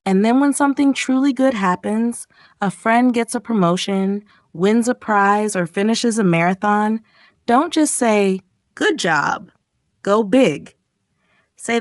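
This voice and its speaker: A woman's voice: mid-range voice, takes it slowly, no echo, studio quality. A woman narrating a scripted English lesson, acting out sample reactions as she goes. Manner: lively, acts out example reactions. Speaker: English teacher.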